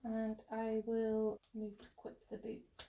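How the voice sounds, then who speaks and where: A woman playing a casual card game, cheerful and quick to laugh. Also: on the high side, completely flat delivery, phone-quality sound, slight background noise. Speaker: player. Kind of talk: casual tabletop game play.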